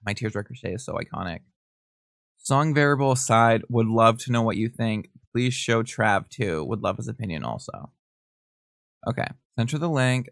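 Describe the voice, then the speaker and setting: A man's voice: mid-range voice, creaky, no echo, studio quality. Chatty man reading gossip texts. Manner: animated, gossipy, reads texts aloud with quick asides and laughs. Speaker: podcast host. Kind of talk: casual reaction commentary.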